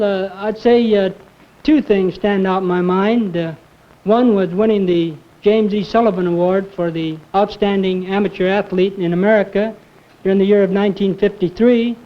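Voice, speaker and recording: A man in his thirties, a quiz show contestant answering modestly and haltingly with frequent pauses. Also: high-pitched. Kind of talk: conversational interview answers. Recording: muffled 1950s TV audio.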